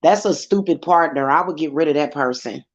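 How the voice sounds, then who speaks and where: A woman's voice: deep voice, fairly quick, highs cut off. A woman tarot reader talking bluntly and casually on a livestream. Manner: blunt and chatty.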